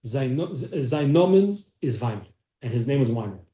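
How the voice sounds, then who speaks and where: A man's voice: mid-range voice, expressive, moderate pace, mellow. Man teaching a class in an echoey room. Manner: storytelling, acts out quoted speech. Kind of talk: telling a story in a class.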